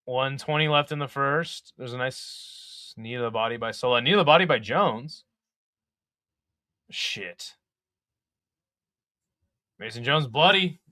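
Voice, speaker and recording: A young man calls a fight live as a casual companion host, trading chat with viewers and swearing when the action heats up. His voice is bright and forceful. It sits close and dry on the mic, with no room around it. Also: mid-range voice, a little slow, pauses often, dry recording. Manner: chatty, swears, reads chat aloud.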